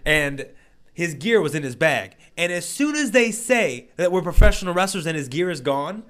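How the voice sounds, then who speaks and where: A man's voice: fairly high pitch, normal speed. A young man telling wrestling road stories in a casual podcast chat, laughing often. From United States. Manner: laughing storyteller, animated. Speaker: pro wrestler guest.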